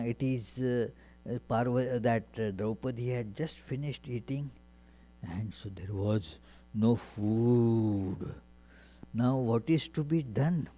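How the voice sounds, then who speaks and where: A man, a monk, giving a spiritual lecture and retelling scripture stories in an unhurried way, with frequent hesitations. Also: mid-range voice, mellow.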